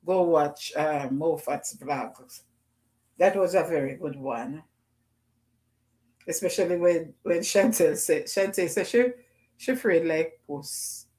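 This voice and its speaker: A middle-aged woman with a Jamaican accent, hosting a casual livestream and shouting out names from the chat. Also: on the low side. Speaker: livestream host. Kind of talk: casual live chat with viewers.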